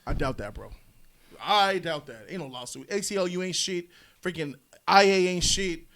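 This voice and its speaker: Podcast host, male, high bright voice, lively storyteller who acts out quotes. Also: normal speed. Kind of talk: casual storytelling chat.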